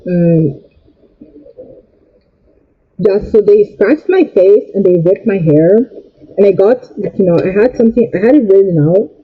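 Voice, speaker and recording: A man's voice: high voice, animated, unhurried, long pauses, breathy edge, narrow, tinny audio. A young man telling a storytime rant in an agitated way, repeating and stumbling over his words. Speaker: vlogger.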